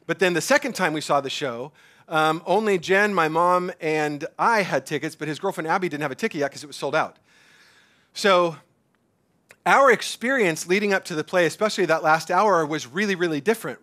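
A middle-aged man preaching a conversational sermon, animated, with many fillers and restarts, sometimes dropping to a soft hush. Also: sits high. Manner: drops to a soft hush for emphasis. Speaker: pastor.

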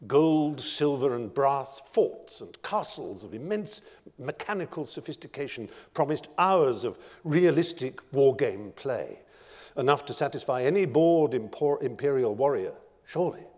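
A man giving a lecture as a guest speaker, telling stories in a dramatic, expressive way. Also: mid-range voice, big-room sound. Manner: dramatic, expressive storytelling with lists. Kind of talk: storytelling lecture. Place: lecture hall.

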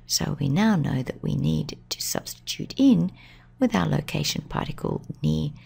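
A woman's voice: sits low, animated, moderate pace, gravelly, mellow, husky. A woman teaching a language lesson, explaining grammar patiently step by step in a voice-over.

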